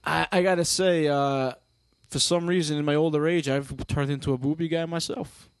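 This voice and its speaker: A podcast co-host with a slightly high, steady voice talks at normal speed with no echo. His banter is casual, blunt and crude, and he teases his friends.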